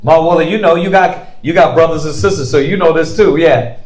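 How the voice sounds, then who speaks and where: A man's voice: fairly high pitch, fairly quick, a little mellow. A man leading a bible study discussion, firing off rhetorical questions and call-and-response prompts in a colloquial way. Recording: roomy echo.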